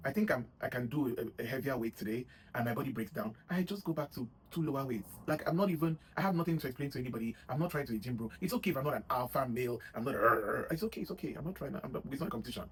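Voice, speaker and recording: Fast-talking man rambling with frequent asides. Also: medium pitch, expressive, a little hiss or hum, low-quality recording. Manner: rambling, full of "you know what I mean" asides. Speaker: vlogger giving gym advice. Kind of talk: casual motivational talk to camera.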